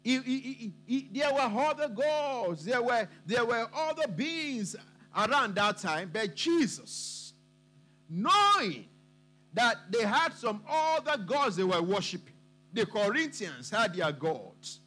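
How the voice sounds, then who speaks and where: A man's voice: very high voice, animated, measured pace, fairly bright tone. A man preaching a sermon to his congregation, emphatic and repeating his points for weight.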